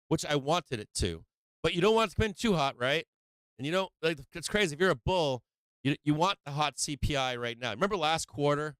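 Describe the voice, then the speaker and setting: A male stock market show host talking brash, profane, emphatic market commentary on a live stream, moving between loud emphasis and low, quieter explaining. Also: clear, resonant tone, no echo.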